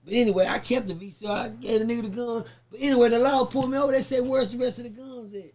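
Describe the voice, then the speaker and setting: A man's voice: very high-pitched, very fast. A man, a podcast guest telling a profane story in casual chat and acting out the people he quotes. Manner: profane, lively, acts out the voices he quotes.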